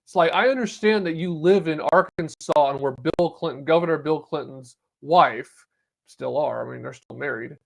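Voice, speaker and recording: A man hosts his own podcast, talking through the news in a loose, sarcastic way. His voice sits slightly higher than most men's. He breaks off now and then to read an article aloud. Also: normal speed, gravelly. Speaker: podcast host. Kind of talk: solo political commentary.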